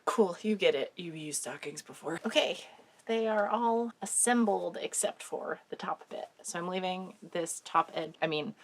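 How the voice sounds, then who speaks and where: A woman with a somewhat low voice chats her way through a sewing project at home. She has a cold and a sore throat, and her talk is casual and wry, with easy swearing. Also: moderate pace. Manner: chatty, swears casually, dry jokes. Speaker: sewing vlogger. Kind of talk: casual craft vlog chat.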